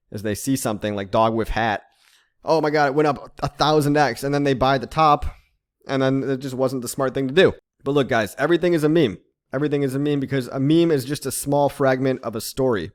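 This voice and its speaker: A man hosts a casual crypto explainer with a voice sitting in an ordinary middle pitch. He talks loosely and conversationally, tossing in quick tag questions. He breaks into chuckles at his own jokes. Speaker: crypto channel host.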